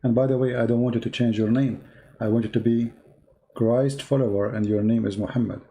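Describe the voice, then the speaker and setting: Male host, gravelly, mellow and dark, fervent preaching style. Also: medium pitch, steady tone, a little fast. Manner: fervent, emphatic, repeats phrases. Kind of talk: preaching to a caller on a live stream.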